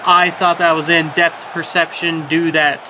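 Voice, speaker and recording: The commentator is a man with a slightly high voice and flat delivery at normal speed, calling a simulated soccer match play by play. Jokey rambling fills the gaps between plays, and he surges on chances. Background noise sits underneath.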